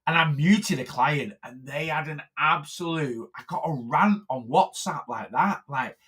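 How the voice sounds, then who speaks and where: A man's voice: on the high side, a little slow, fairly bright tone, slightly rough. A man, a weight loss coach, chatting casually on a phone live stream, rambling with lots of fillers and restarts.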